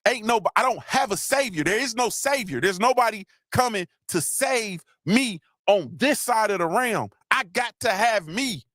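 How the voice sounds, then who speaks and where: Speaking at a moderate pace with few pauses, this middle-aged host delivers a live motivational talk, his intonation lively and the studio sound clean and echo-free. His style is preachy and repetitive, with shout-outs to viewers. Emotion builds until his voice drops low.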